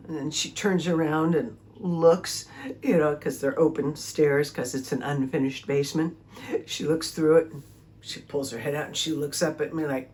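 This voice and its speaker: A woman hosting her own podcast, telling a personal story in a chatty, animated way and talking to herself as she tells it. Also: low voice, slight background noise. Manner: chatty, animated retelling with self-talk and laughter. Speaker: podcast host; homeowner and cat owner. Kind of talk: casual storytelling monologue.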